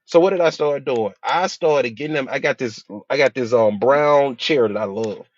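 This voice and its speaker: A man's voice: medium pitch, normal speed, highs cut off. A man, a hypnotherapist, giving a casual motivational talk and telling his own stories with quoted voices.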